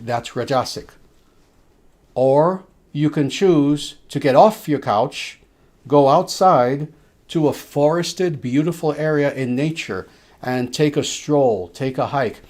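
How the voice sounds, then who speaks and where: A male spiritual teacher answers questions from his listeners in a mid-pitched voice. He talks slowly and leans on key words, with gentle "oh" and "uh" sounds between his thoughts. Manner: slow, emphatic delivery with soft filler sounds.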